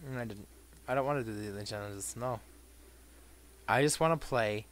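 A young man giving crude, profane commentary over a shooter game, swinging between mumbled asides and shouted bursts. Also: lowish voice, brisk. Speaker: gameplay commentator. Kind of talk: let's play commentary.

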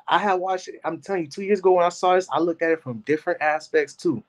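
A man in his thirties giving casual reaction commentary, animated and rambling, talking to his chat by name. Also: a little high, quick pace, hardly any pauses. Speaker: commentary host.

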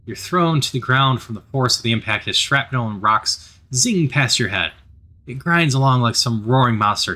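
A man narrating a story game aloud, with animated, expressive narration. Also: mid-range voice.

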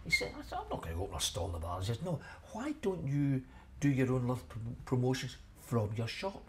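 An older Scottish man in his seventies looks back on decades of running his shop. He rambles in a friendly way, repeats phrases as he gathers his thoughts, and his voice sits at an ordinary middle pitch. Faint ambient noise hums behind him. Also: very animated, brisk. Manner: chatty, rambling, repeats himself, chuckles at memories. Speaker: shellfish shop owner. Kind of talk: reminiscing in a documentary interview.

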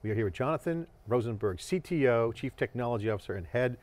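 A man's voice: medium pitch, expressive, fast, a little mellow. A man hosting a studio interview, asking guests broad questions with enthusiastic framing. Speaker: interview host.

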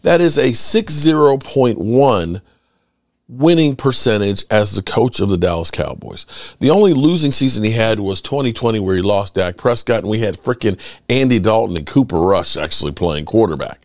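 A middle-aged man hosting his sports channel, chatting casually and rambling through stories with lively swearing. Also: lowish voice, moderate pace, dry recording, clean studio sound. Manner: animated storyteller, swears freely. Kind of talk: casual rambling fan chat.

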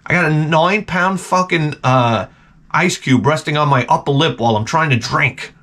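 A man's voice: fairly high pitch, moderate pace, bright, forceful tone. A man hosting his channel, rambling casually and comically, with frequent profanity. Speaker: channel host.

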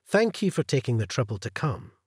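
A man's voice: mid-range voice, big pitch swings, a little fast, husky, dry recording, clean studio sound. A man voicing a stern company president. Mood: formal.

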